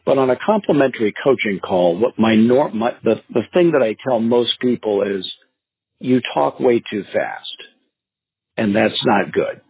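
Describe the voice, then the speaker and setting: A man who coaches real estate sales, telling stories and advice in a podcast interview, acting out calls in an animated way. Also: medium pitch, moderate pace, husky, dry recording. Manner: animated storyteller, acts out phone calls. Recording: tinny phone-line sound.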